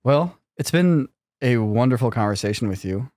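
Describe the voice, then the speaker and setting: A friendly man hosting a podcast, laughing easily and thanking his listeners and his guest. His voice sits at a middle pitch. The sound is close and dry, with no room around it. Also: lively intonation, normal speed, a little mellow, no echo. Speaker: podcast host. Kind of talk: casual chat.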